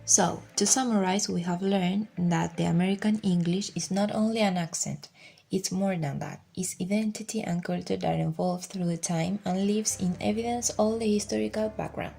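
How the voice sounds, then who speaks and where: A woman's voice: medium pitch, moderate pace, vocal fry, warm tone, husky, soft background music. A woman presenter reading a summary steadily from a script. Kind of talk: read-aloud summary.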